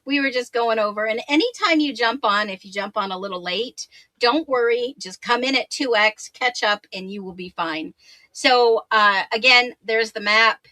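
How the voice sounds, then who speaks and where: An upbeat woman hosts a live stream, greeting her viewers by name and laughing as she chats. Her voice is bright and a touch hoarse, and the sound is close and dry with no room around it. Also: fairly high pitch, expressive, moderate pace, no room sound. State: slightly hoarse voice. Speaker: true crime livestream host. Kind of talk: casual livestream chat, reading viewer comments.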